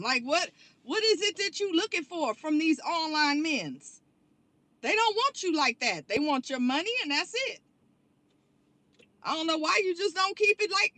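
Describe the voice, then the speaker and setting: A woman's voice: very high-pitched, sharp tone, no room sound. A woman content creator delivering a blunt, profane, confrontational rant to the camera. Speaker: online commentary creator. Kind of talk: angry rant vlog.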